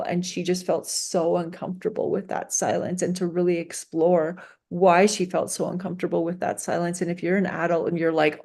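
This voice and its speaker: A woman's voice: fairly low pitch, warm tone. A woman teacher talking casually and chattily, laughing often and saying "like" a lot. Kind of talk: casual conversation.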